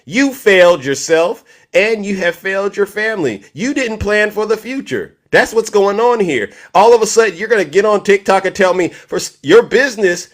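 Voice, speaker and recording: A man's voice: sits high, expressive, normal speed, hardly any pauses. A middle-aged man hosting a heated political argument, combative and cutting in by repeating the other person's name. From California. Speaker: live-stream debate host.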